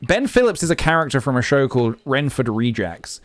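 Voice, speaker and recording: A man's voice: medium pitch, very animated, brisk. A young man live-streaming, chatting casually and thinking aloud with lots of fillers as he goes.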